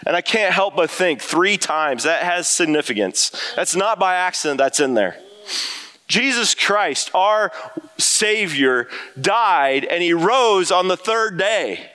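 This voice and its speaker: A man preaching a sermon to his congregation, earnest and emphatic, climbing high when he voices prayers. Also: animated, slow pace, sharp tone, smooth. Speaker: pastor.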